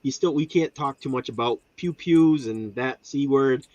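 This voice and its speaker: A man chatting casually as a guest, telling animated stories and slipping into mimicry. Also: mid-range voice, normal speed, no echo. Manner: animated storyteller, mimics voices. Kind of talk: casual chat.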